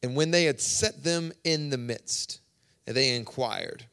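A man preaching a sermon in a conversational, storytelling way, swinging between loud bursts and hushed asides. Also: mid-range voice, slow pace, creaky, clean tone.

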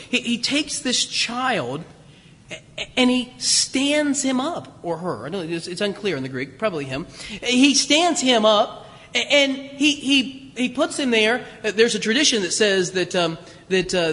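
A middle-aged man gives a chatty, joking sermon in a high, bright voice. He often stumbles over and restarts his sentences and breaks into chuckles. His voice rings with a long echo through a large church hall. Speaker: preacher. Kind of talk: conversational sermon.

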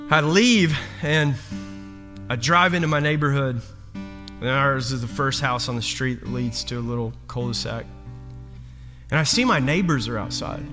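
A man preaching as a pastor, telling a personal story in an animated, self-deprecating way. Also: on the high side, moderate pace. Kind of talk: storytelling sermon. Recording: long hall reverb with faint guitar.

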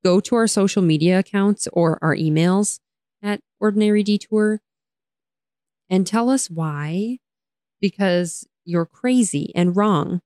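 A woman's voice: medium pitch, measured pace, no room sound, studio quality. A young woman co-hosting a podcast, chatting casually, laughing often and ranting with energy. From United States. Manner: animated, laughs often, rants. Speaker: podcast co-host. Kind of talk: casual chat.

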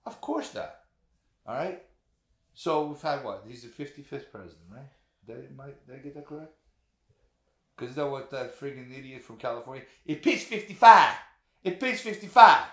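A man's voice: medium pitch, a little fast, pauses often, echoey room. A man co-hosting a podcast, arguing in a casual, profane way and firing off rhetorical questions. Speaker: podcast co-host. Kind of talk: casual political chat.

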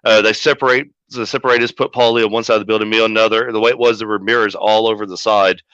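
Cussing wrestling manager guy spinning a story, sharp bright voice, dull lo-fi audio. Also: fairly low pitch, very fast, clear, resonant tone, no room sound. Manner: profane, animated storyteller. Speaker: wrestling manager, podcast guest. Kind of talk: casual storytelling.

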